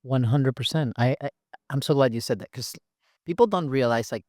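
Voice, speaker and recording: A man's voice: mid-range voice, fairly quick, darkish tone, no room sound, clean studio sound. A man hosting a podcast interview in a playful, teasing, upbeat way. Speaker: podcast host. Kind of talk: casual interview chat.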